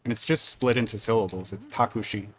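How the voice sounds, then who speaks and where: A man's voice: medium pitch, unhurried. Rambling casual male gaming streamer. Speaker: speedrun streamer. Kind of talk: casual chat while gaming.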